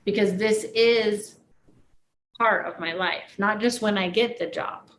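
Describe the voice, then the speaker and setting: A woman's voice: mid-range voice, steady tone, a little slow, a bit bright, poor audio. A woman leading a class, talking through a spiritual coaching idea in an earnest, reflective way with many "like"s. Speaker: class leader.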